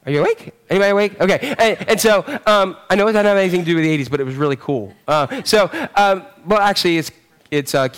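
Pastor in his 40s, high-pitched, loose conversational sermon delivery, animated storyteller. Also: fast talker, clean tone. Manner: conversational, rambling with fillers and restarts.

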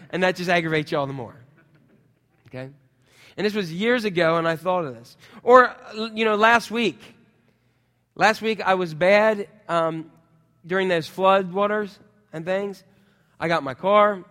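A middle-aged man preaching a sermon as pastor, telling personal stories in a lively way with sound effects. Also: a little high, normal speed, in a large hall.

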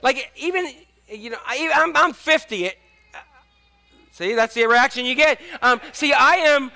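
Man, 50s, pastor, conversational sermon, jokey, restarts, bright. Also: very high-pitched, a little slow, creaky.

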